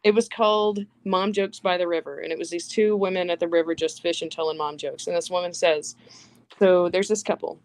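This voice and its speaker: A woman's voice: fairly low pitch, steady tone, brisk, darkish tone. A woman on a casual stream telling a crude joke in a chatty way, laughing at her own punchlines.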